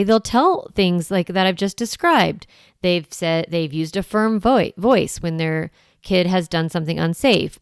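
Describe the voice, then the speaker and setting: A woman's voice: mid-range voice, clean tone, no echo, studio quality. A woman parenting coach talking straight to her listeners, shifting into a firm, strong voice to act out what parents can say to their kids. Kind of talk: solo talk to camera.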